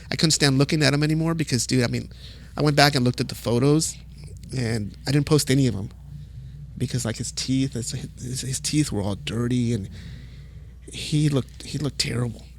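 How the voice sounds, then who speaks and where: Gravelly man telling profane stories. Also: mid-range voice, brisk. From El Paso, Texas. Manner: profane, animated storytelling with acted quotes. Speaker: podcast guest, music photographer. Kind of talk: casual storytelling.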